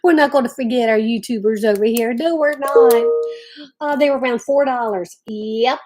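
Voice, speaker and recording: A middle-aged woman with a slightly high voice runs a casual live stream. She talks in a loose, chatty way, restarting her sentences as she goes. She keeps greeting viewers by name between her thoughts. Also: normal speed, darkish tone. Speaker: livestream host.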